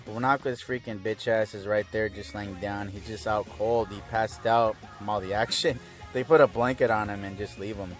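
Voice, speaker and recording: A man's voice: on the low side, steady tone, normal speed, faint music behind. A young man casually recapping a cartoon episode, laid-back and crude with lots of fillers.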